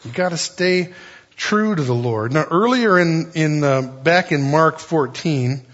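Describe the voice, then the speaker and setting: A man's voice: on the high side, measured pace, a bit bright. A man preaching an expository sermon in a conversational way, with folksy asides. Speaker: pastor. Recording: dull lo-fi recording.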